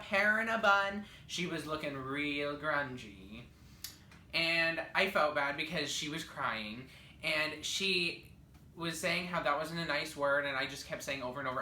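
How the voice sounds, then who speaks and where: A young man telling a storytime vlog in a sassy, animated way with dramatic asides. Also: a little high, a little hiss or hum. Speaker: vlogger. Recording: echoey room with faint ambience.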